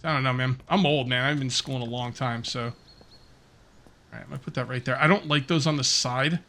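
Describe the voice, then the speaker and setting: A man's voice: mid-range voice, fairly even intonation, fairly quick, gravelly, pushed and bright. A middle-aged man giving casual, rambling commentary while playing a survival game, thinking aloud and muttering to himself. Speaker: gaming video host.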